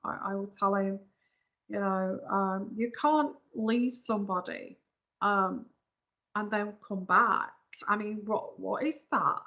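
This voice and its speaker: A woman's voice: mid-range voice, steady tone, takes it slowly, pushed and bright, highs cut off. A woman reading tarot on a live stream, giving frank, emphatic advice straight to viewers over a phone. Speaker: tarot reader.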